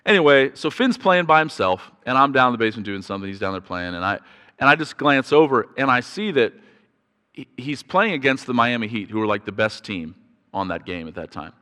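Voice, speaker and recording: A man preaching a sermon, telling a family story in a chatty, halting way, with repeated words and restarts, and growing louder when he gets excited. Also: mid-range voice. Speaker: pastor. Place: church sanctuary. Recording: reverberant church hall.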